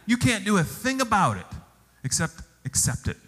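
Animated preaching man in echoing hall. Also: high voice, normal speed. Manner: animated storytelling, exclamations. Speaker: pastor. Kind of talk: sermon. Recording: long hall reverb.

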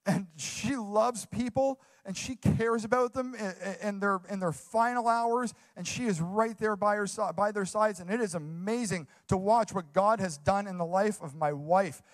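A man's voice: high voice, normal speed, hardly any pauses. A young man preaching a sermon as a youth pastor, earnest and enthusiastic, repeating phrases for emphasis.

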